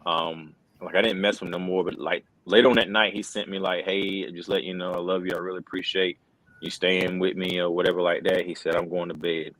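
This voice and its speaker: A man's voice: low voice, level tone, a little fast, a bit bright, dry recording, poor audio. A middle-aged wrestling commentator, telling an earnest personal story in a casual interview, full of fillers like "bro" and "man.".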